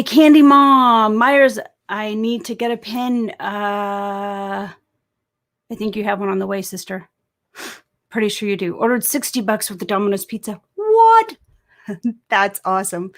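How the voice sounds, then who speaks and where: Her voice is mid-range with fairly even intonation and a moderate pace. She's a livestream host nursing a sore throat, talking casually at a desk microphone and reading viewers' comments aloud to greet them.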